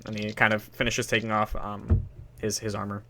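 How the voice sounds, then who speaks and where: A man narrating a tabletop game as game master, pausing often with fillers. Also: lowish voice, monotone, background noise. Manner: hesitant, filler-heavy narration.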